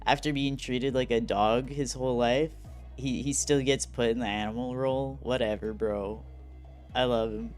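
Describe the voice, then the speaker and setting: A man's voice: medium pitch, steady tone, moderate pace, soft background music. A man streaming a game, chatting casually, reading chat and game text aloud. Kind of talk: casual live-stream commentary.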